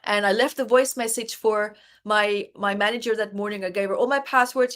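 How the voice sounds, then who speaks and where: A woman's voice: mid-range voice, fairly even intonation, moderate pace, a bit bright. A woman guest, an author and life coach, earnestly telling a personal story in an interview and acting out her own inner dialogue.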